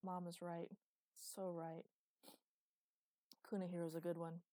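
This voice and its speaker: A gentle father pilots a ship and talks over the radio in a calm, steady way, as a woman narrator puts him on. Her voice stays dark and mellow, and the recording is dry and close. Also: lowish voice, measured pace, no room sound, lightly acted.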